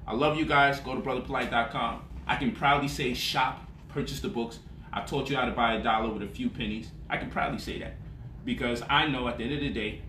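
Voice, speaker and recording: A man's voice: medium pitch, pushed and bright, a little hiss or hum. A man talking as a money vlogger in a casual, boastful monologue, swaggering and profane. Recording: roomy echo, voice off-mic.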